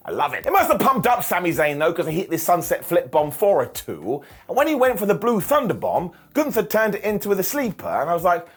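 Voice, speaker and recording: A man hosting a wrestling review, recapping with sarcastic jokes and quick asides. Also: on the high side, big pitch swings, slightly rough, faint music behind. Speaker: wrestling show reviewer and host. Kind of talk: animated comedic recap.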